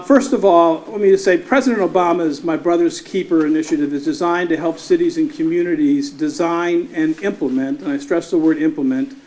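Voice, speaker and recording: A man with a slightly raised pitch speaks as a city mayor. He delivers measured, formal remarks at a town hall, pausing to acknowledge the officials present. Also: a little mellow.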